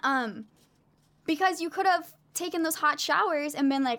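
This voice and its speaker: A woman's voice: high-pitched, moderate pace, fairly bright tone. A woman co-hosting a live chat who talks in a thoughtful, supportive way. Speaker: co-host. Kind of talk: casual chat on a live stream.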